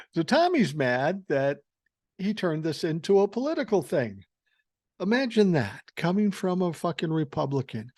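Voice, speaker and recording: An older man hosting a political podcast, swearing freely and mocking with biting sarcasm. His voice sits a bit high for a man, and the sound is dry and close. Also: a little mellow, no echo. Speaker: podcast host. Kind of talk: political commentary rant.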